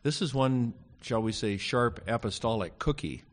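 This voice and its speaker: A man teaching a Greek grammar class in a casual lecture, pausing often with fillers and dropping wry asides. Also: mid-range voice, expressive.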